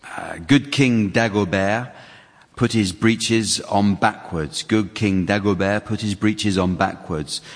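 Dry British-style quiz host, low voice. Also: male voice, slow pace. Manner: dry, mock-serious delivery, chuckles at his own jokes. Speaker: panel game host. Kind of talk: comedy quiz hosting, reading rhymes aloud. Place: studio with live audience. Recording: audience hall recording, crowd noise.

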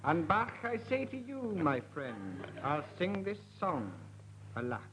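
A man's voice: on the high side, wildly swooping pitch, unhurried. A man, a comedy panelist trading playful puns and verse. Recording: dull, noisy audience recording.

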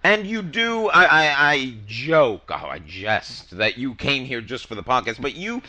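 A man's voice: mid-range voice, sing-song, measured pace, sharp tone. A man hosting a casual podcast interview, stumbling over his words as he asks questions. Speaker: podcast host.

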